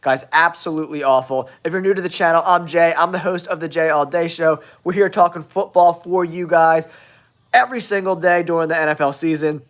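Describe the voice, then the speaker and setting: A man's voice: fairly high pitch, a little fast. Nasal man with a cold, hot takes. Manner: blunt, excitable hot takes addressing viewers. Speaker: sports show host. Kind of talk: casual football talk show.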